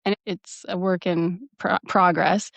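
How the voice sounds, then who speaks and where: A woman's voice: lowish voice, fairly even intonation, slow pace, vocal fry, no room sound. A woman co-hosting a podcast, speaking in a reflective, earnest way. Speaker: podcast co-host. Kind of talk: casual chat. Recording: dull lo-fi audio.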